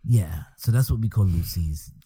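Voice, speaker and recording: A man in casual talk, halting and repeating words as he speaks. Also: sits low, expressive, dark tone, slightly rough, no room sound. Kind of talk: casual conversation.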